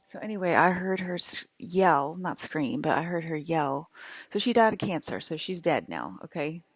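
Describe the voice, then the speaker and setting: Low gravelly woman rambling to viewers. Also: animated, moderate pace, dry recording. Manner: rambling, full of "like" fillers. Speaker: vlogger. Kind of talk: casual monologue to viewers.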